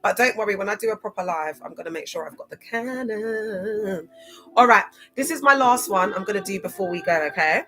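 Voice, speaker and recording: A woman's voice: medium pitch, expressive, a little fast, sharp tone, soft background music. Chatty woman on a livestream. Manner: chatty, laughs often, spells out words. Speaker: livestream host. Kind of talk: casual livestream talk.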